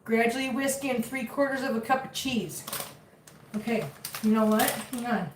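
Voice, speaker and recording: A woman's voice: on the high side, moderate pace, distant mic, a little hiss or hum. A woman vlogging as she cooks in her home kitchen, talking chattily to her viewers and cats and sounding a bit flustered. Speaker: cooking vlogger. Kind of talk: casual cooking chat to viewers. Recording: echoey kitchen, voice off-mic.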